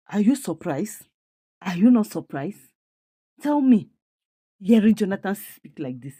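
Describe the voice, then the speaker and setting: A woman's voice: medium pitch, sing-song, a little slow, long pauses, a little mellow, no room sound, clean studio sound. A woman with a Nigerian accent retelling a comedy series episode in a chatty style, asking her listeners questions and adding moral asides. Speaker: movie recap narrator. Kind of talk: casual storytelling recap.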